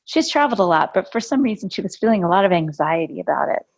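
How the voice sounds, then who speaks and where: A woman's voice: mid-range voice, fast talker, gravelly. A woman hosting a podcast interview, a life coach telling stories about her clients in a conversational way. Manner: storytelling, animated when recounting conversations. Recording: dull lo-fi audio.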